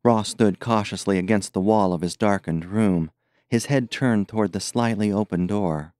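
A man reading an adventure novel aloud in a measured, steady narration. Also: lowish voice, no room sound, studio quality. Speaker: audiobook narrator. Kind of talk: scripted narration.

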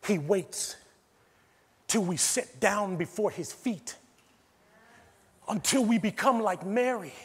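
A man's voice: high voice, lively intonation, slow pace, long pauses, husky. A man with an American accent, a pastor preaching a sermon, moving from near-whispers to emphatic preaching. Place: church sanctuary. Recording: long church hall reverb.

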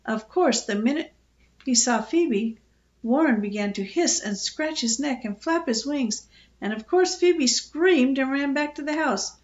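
An older woman reading a children's book aloud with expressive, gentle storytelling. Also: sits high, a little slow, dull audio.

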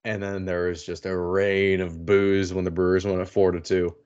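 Laid-back young man, low voice. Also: flat delivery, normal speed, darkish tone, smooth. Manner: laid-back, laughs easily. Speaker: podcast co-host. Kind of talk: casual sports chat. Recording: dull lo-fi audio.

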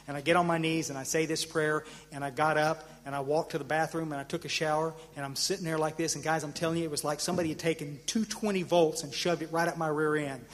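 A middle-aged man telling his personal recovery story to a convention audience. He tells it in an animated way, stammers and restarts often, pushes up for the punchlines and drops low for the reflective parts. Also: quick pace, hardly any pauses. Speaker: AA convention speaker. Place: convention hall. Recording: hall reverb from a live convention talk.

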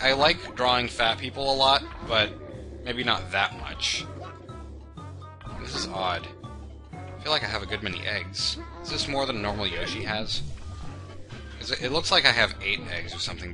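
A young man hosting a let's play, rambling through casual gameplay commentary with offbeat, self-mocking humor, over game music. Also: on the low side.

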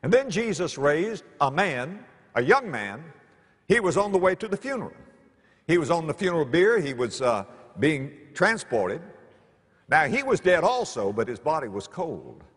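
Animated preacher in a reverberant sanctuary. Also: male voice, moderate pace, breathy edge. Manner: animated, dramatic swings in pitch and loudness. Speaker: pastor. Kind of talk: storytelling sermon. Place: church sanctuary. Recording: long reverb of a large church.

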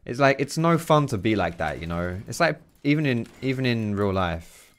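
A man's voice: mid-range voice, very animated, moderate pace. A man giving casual commentary while playing a video game, chatty, swearing and chuckling often. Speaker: gaming video creator.

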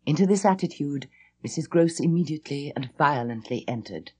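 A woman reading a classic ghost story aloud, with an intense, expressive storytelling manner. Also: low voice, moderate pace, slightly rough. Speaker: audiobook reader. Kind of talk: dramatic audiobook narration.

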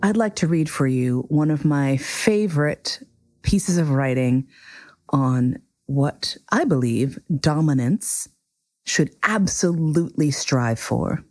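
Expressive low-voiced woman reading aloud. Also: slow pace, no room sound. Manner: animated, theatrical reading. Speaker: reader.

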